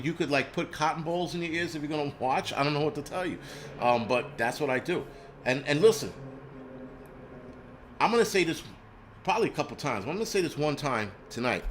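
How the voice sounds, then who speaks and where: A man's voice: medium pitch, fairly bright tone, a little hiss or hum. A man from the United States hosting his own channel, talking bluntly in a profane, rambling rant. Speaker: channel host. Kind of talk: casual livestream rant.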